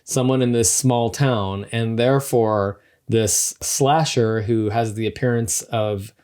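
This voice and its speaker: A man co-hosting a casual podcast, laughing easily between dry, sarcastic remarks. His voice sits at an everyday middle pitch. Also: steady tone, slow pace, darkish tone, clean tone. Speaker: podcast co-host.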